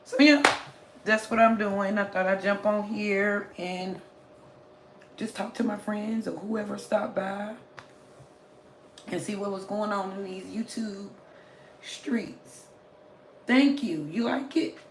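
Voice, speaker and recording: Hoarse woman chatting on a live stream. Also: medium pitch, steady tone, slow pace, long pauses, slight background noise. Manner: chatty, greets viewers in many languages. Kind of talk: casual live-stream chat. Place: small room at home, indoors. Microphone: phone camera. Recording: roomy home recording.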